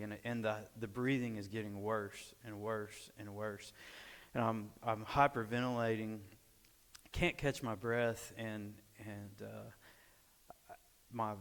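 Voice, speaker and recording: A man's voice: mid-range voice, unhurried. Man telling a story in an echoey church. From Arkansas, USA. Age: 40s. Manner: lively storyteller, acts out quoted dialogue. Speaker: church speaker. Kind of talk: personal storytelling talk. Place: church sanctuary.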